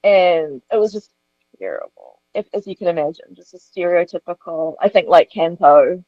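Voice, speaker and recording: A woman's voice: on the low side, moderate pace, dry recording, dull audio. A woman actor telling frankly about her auditions in an interview. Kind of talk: candid interview storytelling.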